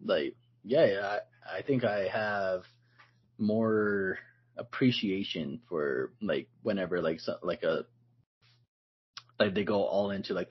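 A man co-hosting a podcast in casual chat, relaxed and loose, says "like" a lot and laughs often. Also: deep voice, husky, lo-fi sound. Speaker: podcast co-host.

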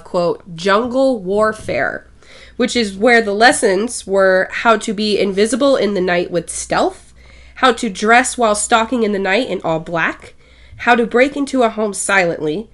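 Woman reading prepared notes. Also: medium pitch. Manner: steady, reads from notes. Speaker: podcast co-host.

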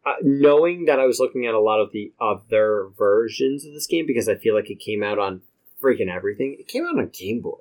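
A man's voice: lowish voice, fairly quick, darkish tone, poor audio. A man co-hosting a casual video game podcast, joking and exasperated, laughing often. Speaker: podcast co-host. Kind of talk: casual game review chat.

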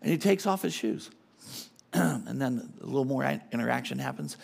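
A man's voice: medium pitch, expressive, moderate pace, gravelly, darkish tone. A middle-aged man preaching a sermon as a guest speaker, emphatic and casual, often repeating his phrases.

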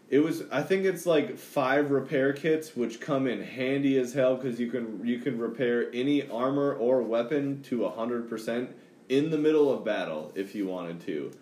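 A man's voice: mid-range voice, a little mellow, roomy sound. A man co-hosting a podcast, chatting casually and rambling about the games he plays. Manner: rambling, loose, swears casually. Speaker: podcast co-host. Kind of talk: casual chat.

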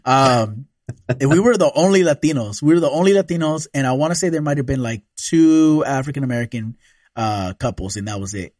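Relaxed, profane man telling a story. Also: mid-range voice, fairly quick, no echo, clean studio sound. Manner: relaxed, profane, laughs often. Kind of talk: casual storytelling chat.

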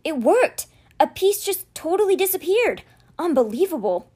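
A woman's voice: high-pitched, animated, moderate pace, a little mellow. A woman voicing an anxious, earnest teenage boy who speaks in nervous, eager bursts. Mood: excited.

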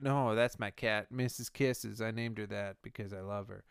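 A man delivering a rambling comic monologue, halting and sheepish, often correcting himself mid-sentence. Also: on the low side, fairly even intonation, gravelly, clean tone, no echo, clean studio sound. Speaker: comedic monologue host.

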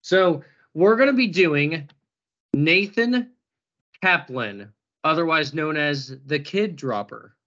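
A man's voice: on the high side, animated, slow pace, a bit bright, dull audio. A man hosting a podcast in casual chat, joking and laughing often as he talks. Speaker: podcast host.

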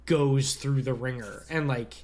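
Slow laid-back man chatting films. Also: mid-range voice, darkish tone. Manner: laid-back, hesitant, laughs easily. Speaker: podcast co-host. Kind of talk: casual movie chat.

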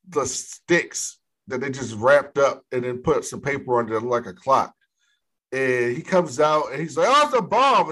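A fairly high, slightly bright male voice belongs to a podcast co-host chatting through a movie recap. He goes scene by scene in a casual way, laughing frequently and swearing as he narrates.

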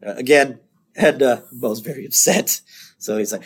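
A man's voice: medium pitch, moderate pace, slightly rough. A man co-hosting a podcast, casually recapping a cartoon episode, laughing often and bursting into character lines in a raised voice. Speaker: podcast co-host.

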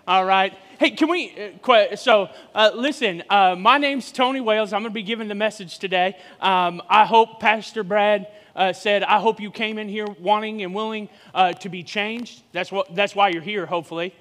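A man in his forties, a guest preacher, giving a sermon with lively joking banter with the congregation. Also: sits high, moderate pace, hardly any pauses, big-room sound. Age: 40s. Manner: joking, energetic crowd banter. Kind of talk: sermon with audience interaction. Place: church hall.

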